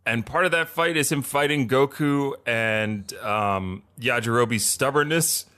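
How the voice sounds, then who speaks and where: A man's voice: mid-range voice, unhurried, smooth. A man co-hosting a podcast, chatting in a playful, joking way. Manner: animated, playful, jokey. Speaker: podcast co-host. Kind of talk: casual chat.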